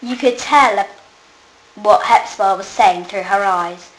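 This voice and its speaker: A woman's voice: mid-range voice, unhurried, a bit bright. A woman reading her own short story aloud in a plain way, with small slips and restarts, in an echoey room. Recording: echoey room, faint noise.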